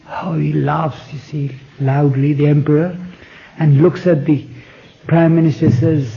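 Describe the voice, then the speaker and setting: A man's voice: a little high, little pitch movement, measured pace, vocal fry. A man from India, telling a story in an informal talk with frequent conversational asides. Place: hall. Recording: dull 1970s tape recording.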